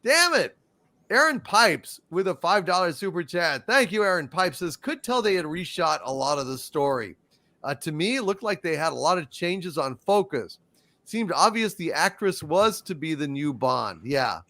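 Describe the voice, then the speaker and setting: A man's voice: a little high, expressive, moderate pace, sharp tone. A man hosting a live stream, reading out viewer super chats and ranting with profanity and stammered restarts. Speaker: livestream show host reading super chats.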